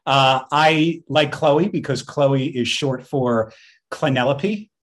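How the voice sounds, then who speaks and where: A man co-hosting a podcast in casual chat, telling stories in an animated way and laughing often. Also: mid-range voice, slow pace. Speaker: podcast co-host.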